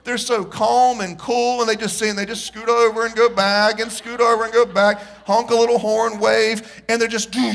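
A man's voice: very high voice, moderate pace, few pauses. A man preaching a sermon to his congregation, joking and telling stories as he goes. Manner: animated, joking storyteller with the congregation. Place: church.

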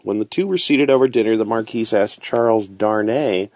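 A man reading a classic novel aloud as a bedtime story, calm and unhurried with occasional fillers. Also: lowish voice, no echo.

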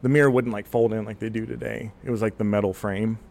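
Rambling low-voiced man telling a story. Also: fast, gravelly. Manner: rambling, animated storyteller who voices quoted people. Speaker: podcast guest. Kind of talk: casual storytelling.

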